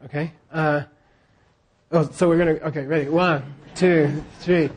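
A man with a fairly high-pitched, fairly even voice teaches a scripture class at normal speed. He has students repeat lines after him in call-and-response fashion and keeps checking in with them.

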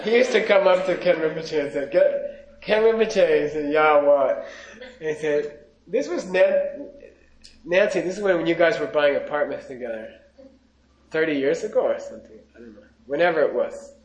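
A man teaching a class on Buddhism, reading out Tibetan lines slowly and then explaining them in casual, joking English to his students. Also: fairly high pitch. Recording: echoey, dull lo-fi room recording.

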